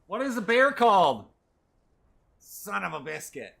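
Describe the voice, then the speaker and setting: A man's voice: high voice, big pitch swings, unhurried, gravelly, a bit bright. A man streaming a video game, rambling playfully to his chat as he plays. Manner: rambling, playful, talks to chat while playing. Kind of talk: casual gameplay commentary.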